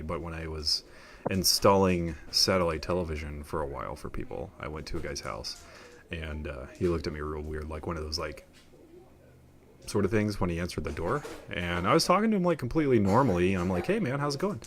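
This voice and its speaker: A man's voice: a bass voice, brisk. A young man chatting casually on a headset, telling rambling, laid-back stories as host. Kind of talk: casual chat.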